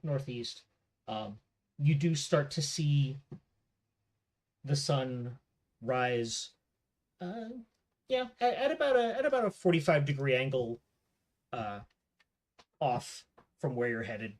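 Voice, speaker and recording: A man running a tabletop game as game master, narrating with many pauses and fillers. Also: mid-range voice, animated. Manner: hesitant, filler-heavy narration.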